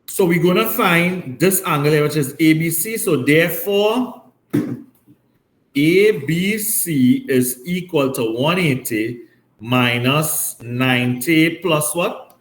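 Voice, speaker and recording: Guy teaching maths in class, bit high voice, keeps asking right?, echoey room. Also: expressive, slow. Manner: explains step by step, often checks with "right?". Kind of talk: classroom lesson. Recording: roomy classroom echo.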